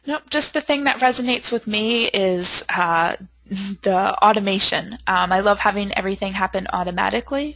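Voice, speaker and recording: A woman from the sales side helping with a software demo, speaking in an easygoing, measured way. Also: mid-range voice, no room sound, low-quality recording. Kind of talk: product demo commentary.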